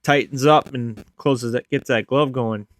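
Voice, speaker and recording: A man's voice: mid-range voice, steady tone, a little slow, no room sound. Joking young man, dry voice. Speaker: podcast co-host. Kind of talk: casual hockey chat.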